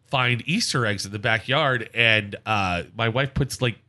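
A man's voice: fairly low pitch, measured pace, pushed and bright. A man from the American South, telling stories in casual podcast chat and laughing through them.

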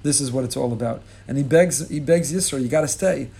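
Impassioned rabbi, warm mellow voice. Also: male voice, a little fast. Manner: impassioned, rising high when quoting pleas; weaves Hebrew and Yiddish terms into English. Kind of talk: sermon on the weekly Torah portion.

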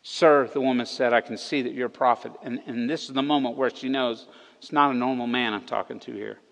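A man preaching a sermon as pastor, retelling a story with animated, emphatic delivery that rises on key words. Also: mid-range voice, brisk, gravelly, big-room sound, rough recording. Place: church hall.

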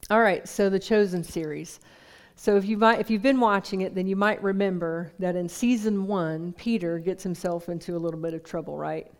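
A woman's voice: lowish voice, fairly even intonation, normal speed, few pauses. A woman preaching a sermon in a conversational way, putting questions to the congregation.

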